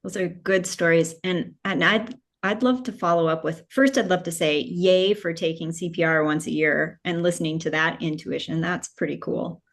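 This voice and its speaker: A woman hosts an interview podcast with a fairly low-pitched voice. She affirms her guest in an upbeat way before moving on to her next question. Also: steady tone, moderate pace, few pauses. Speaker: podcast host. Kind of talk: interview conversation.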